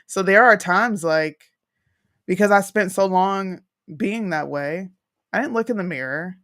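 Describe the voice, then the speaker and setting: Frank young woman chatting candidly. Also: mid-range voice. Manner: frank, animated storytelling, quick asides. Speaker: podcast co-host. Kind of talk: candid casual chat.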